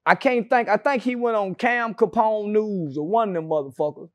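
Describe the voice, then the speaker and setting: A man's voice: high voice, moderate pace, no room sound. A man being interviewed, telling stories in a brash, profane and mocking way with sarcastic asides. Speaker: interview guest. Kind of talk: casual interview storytelling.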